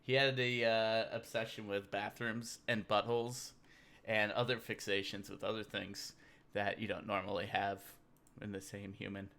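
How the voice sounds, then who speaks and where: A man hosting a loose, rambling livestream, cracking jokes as he goes through memes with a beer in hand. His voice is bright and sharp, with a chatty and offhand delivery. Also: on the low side, flat delivery, normal speed. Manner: rambling, joking, drinking beer. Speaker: livestream host. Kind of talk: casual livestream meme commentary.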